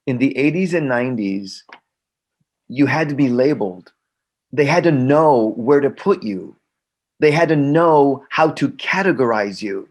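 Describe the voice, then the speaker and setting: A middle-aged man, an actor and guest, telling stories in casual conversation with frequent restarts and acted-out dialogue. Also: mid-range voice. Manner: animated, repeats himself, acts out quoted dialogue. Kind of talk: conversational storytelling.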